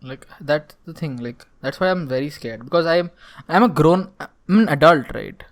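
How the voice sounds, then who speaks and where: A man's voice: fairly high pitch, lively intonation, normal speed. A young man co-hosting a casual podcast, joking at his own expense, swearing and filling his talk with "like". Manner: jokey and self-mocking, swears, fills talk with "like". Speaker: podcast co-host.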